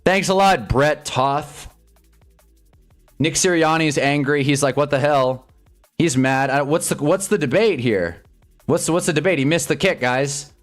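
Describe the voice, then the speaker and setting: A man streaming live sports commentary who swings between loud yelps and low mutters and chats with his viewers' comments. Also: a little slow, faint music behind. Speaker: streamer hosting a live game watch-along.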